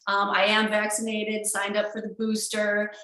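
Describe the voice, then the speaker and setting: A woman giving a conference keynote over a video call, talking in an energetic, emphatic way with many fillers and restarts. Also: mid-range voice, moderate pace, roomy sound, rough recording. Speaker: keynote speaker.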